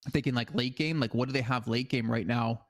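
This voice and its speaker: Fast and medium-pitched with fairly even intonation, this esports co-caster offers casual analysis. He hedges constantly, leaning on fillers such as "I mean."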